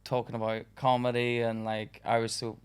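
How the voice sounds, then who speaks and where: A man's voice: medium pitch, monotone, moderate pace, smooth. A young man, a stand-up comedian, chatting casually as a podcast guest, laughing often and full of fillers.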